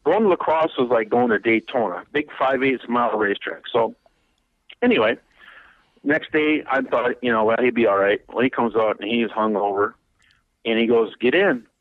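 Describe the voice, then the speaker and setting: A man's voice: medium pitch, moderate pace, dry recording, phone-quality sound. A race car driver in his fifties, from Wisconsin, telling a long rambling story in a radio interview, laughing and repeating words as he gets going.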